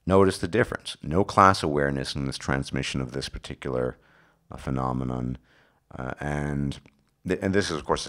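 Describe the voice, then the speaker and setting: Very deep-voiced hoarse man lecturing. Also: fairly bright tone. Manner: halting, with frequent restarts and self-corrections. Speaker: linguistics video lecturer. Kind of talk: unscripted explanatory talk.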